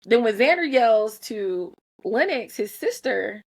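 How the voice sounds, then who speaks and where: A mother in her thirties talks earnestly and candidly about parenting, admitting her own faults with lots of animated restarts. Her voice is on the high side, at a measured pace.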